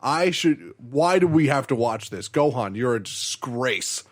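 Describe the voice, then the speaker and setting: A man voicing a proud, scornful male warrior who scolds in a low, contemptuous tone. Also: expressive, measured pace.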